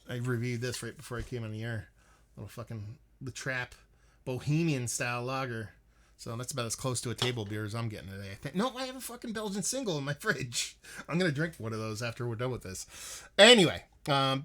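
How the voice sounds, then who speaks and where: A young man chatting loosely on his beer livestream, his voice sitting in an ordinary middle pitch. He rambles and swears freely, stopping now and then to read out and answer viewer comments. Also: bright, forceful tone. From northeastern United States. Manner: profane, rambling, reads out chat comments. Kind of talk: casual livestream chat.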